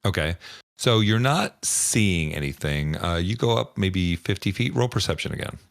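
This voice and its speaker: A man running a tabletop game as game master, relaxed and halting, often laughing as he talks. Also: deep voice, gravelly, no room sound, studio quality. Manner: relaxed, stumbling, often laughing mid-sentence.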